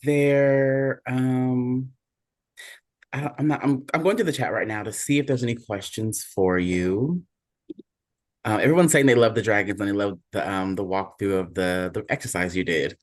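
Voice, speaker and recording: A man's voice: on the low side, moderate pace. A man hosting an online event, speaking hesitantly with many restarts.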